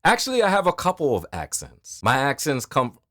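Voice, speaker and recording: A man with a New York accent, a voice actor speaking to camera in an expressive, emphatic storytelling delivery. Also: medium pitch, a little fast, no room sound, clean studio sound. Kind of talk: direct-to-camera talk.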